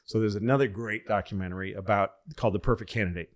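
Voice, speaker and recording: A man hosting a podcast, casually telling a long story and acting out the people he quotes in excited, higher voices. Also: fast talker. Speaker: podcast host.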